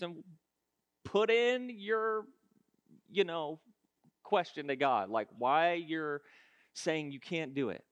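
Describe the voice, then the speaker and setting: A man preaching a sermon, emphatic and repetitive, building to shouts, with casual self-deprecating asides. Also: fairly high pitch, measured pace, pauses often, dry recording.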